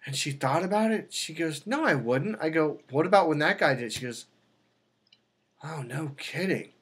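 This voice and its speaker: A man coaching on dating, telling a long personal story in a casual way and acting out the people in it with sudden high exclamations. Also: brisk, husky. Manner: animated, acts out quotes with sudden high exclamations.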